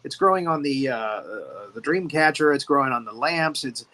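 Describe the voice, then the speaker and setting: A man's voice: mid-range voice, expressive, moderate pace, bright, forceful tone, poor audio. A man hosting a casual movie discussion who rambles, repeats words and laughs often. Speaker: host.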